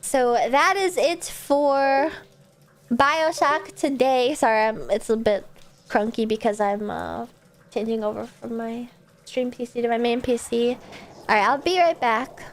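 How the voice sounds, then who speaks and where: A woman streamer chatting casually and rambling at the end of a gaming stream, sleepy and a little hoarse. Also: fairly high pitch, measured pace. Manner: chatty, rambling, self-deprecating. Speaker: video game streamer. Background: faint background music.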